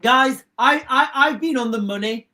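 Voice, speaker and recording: A man's voice: extremely high pitch, moderate pace, bright, forceful tone. A man hosting a live stream, ranting casually in a rambling way, repeating himself and cutting off his own sentences. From England. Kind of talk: casual livestream rant.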